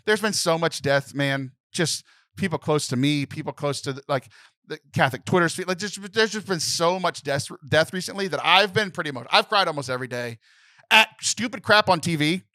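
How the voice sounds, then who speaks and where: A man's voice: a little high, brisk, bright, forceful tone, dry recording. A young man co-hosting a podcast in casual chat, emotional and close to tears, rambling with many restarts. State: tearful. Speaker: podcast co-host.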